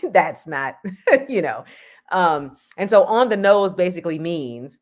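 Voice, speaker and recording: Low-voiced woman explaining scriptwriting. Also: very animated, slow. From Houston, Texas. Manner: explanatory, rhetorical questions, laughs often. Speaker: script consultant, guest. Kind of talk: interview conversation.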